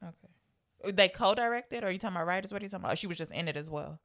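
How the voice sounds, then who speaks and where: A woman co-hosting a podcast, chatting about a film, laughing often and firing off quick questions. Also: mid-range voice, fairly bright tone. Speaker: podcast co-host. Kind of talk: casual movie discussion.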